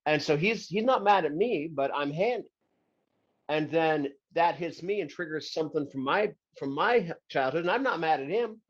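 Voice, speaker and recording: A man in his forties hosting an interview, relaxed and reflective, often affirming with short hums. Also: on the high side, moderate pace. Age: 40s. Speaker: podcast host. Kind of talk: interview conversation. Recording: dull lo-fi audio.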